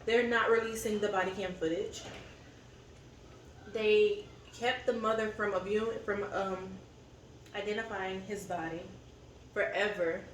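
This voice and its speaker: A woman's voice: mid-range voice, steady tone, measured pace, pauses often, a little hiss or hum. Woman, casual chat co-host, candid and rambling; off-mic in an echoey room. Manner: candid, venting, rambling with fillers. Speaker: co-host of a family eating channel. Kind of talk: casual chat over a meal. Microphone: camera set up at a distance. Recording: roomy echo, distant mic, faint ambience.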